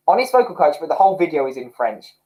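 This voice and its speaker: A man's voice: on the high side, very animated, normal speed, darkish tone, low-quality recording. A young man chats his way through a livestream. He rambles and talks expressively, his voice rising and falling a great deal as he reads out viewer comments. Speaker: livestream host. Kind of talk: casual livestream chat reading comments.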